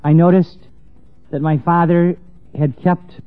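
High-voiced man telling an impassioned story. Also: fairly even intonation, slow pace, no room sound. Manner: impassioned, stammering, swings from hushed to raised. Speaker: speaker telling a personal story. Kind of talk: emotional personal storytelling to an audience. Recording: tinny lo-fi dry recording with faint music.

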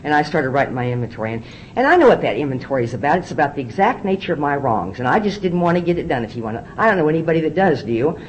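Low-voiced fast-talking woman telling her story. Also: big pitch swings, a little hiss or hum, rough recording. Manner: candid, storytelling, repeats words on restarts. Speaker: recovery meeting speaker. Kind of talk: personal testimony talk. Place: meeting hall podium.

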